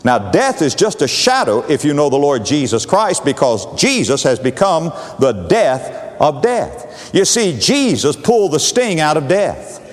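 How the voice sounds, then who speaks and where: A man preaching a sermon with a dramatic cadence, repeating phrases and swinging from booming to hushed. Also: very animated, measured pace. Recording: long hall reverb.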